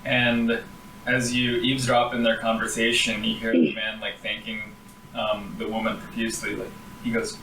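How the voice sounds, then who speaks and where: A man running a tabletop game, describing the scene casually and haltingly with plenty of ums. He is recorded well away from the mic in an echoey room. A faint hiss runs underneath. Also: lowish voice, completely flat delivery, creaky, pushed and bright. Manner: casual, hesitant, many ums. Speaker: game master. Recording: roomy, far from the mic.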